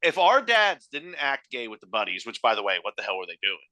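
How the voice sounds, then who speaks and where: A man in his thirties co-hosting a casual podcast, joking and laughing at his own wordplay. His voice is very bright and bouncy in pitch, with a dry, close sound. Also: sing-song, brisk, dry recording. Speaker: podcast co-host. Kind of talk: casual chat.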